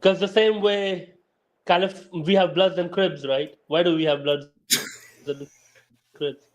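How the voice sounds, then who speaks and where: Guy w a higher voice calling in, earnest, keeps repeating himself. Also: fairly even intonation, unhurried, dull audio. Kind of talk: casual chat.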